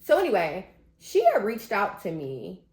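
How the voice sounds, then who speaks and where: Woman vlogger, emphatic casual vent straight to camera, mid pitch, roomy echo. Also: wildly swooping pitch, a little slow, a little mellow. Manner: emphatic, talks straight to viewers.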